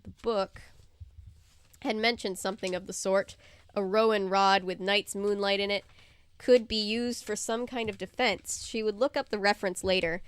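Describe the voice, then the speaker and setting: A woman hosting a casual read-aloud of a novel, animated and chatty with asides, sometimes stumbling over words. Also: medium pitch, normal speed, clean tone, dry recording. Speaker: host reading a novel aloud.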